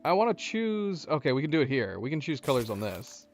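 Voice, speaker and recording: A man's voice: on the high side, big pitch swings, brisk, faint music behind. A man hosting a let's-play, casually thinking aloud and joking at the game characters. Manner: thinking aloud, chatty and wry. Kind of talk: casual gameplay commentary.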